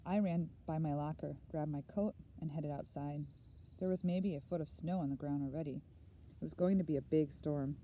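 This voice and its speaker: A woman reading a first-person novel aloud in an earnest, measured storytelling manner. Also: low-pitched, narrow, tinny audio, slight background noise. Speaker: audiobook reader.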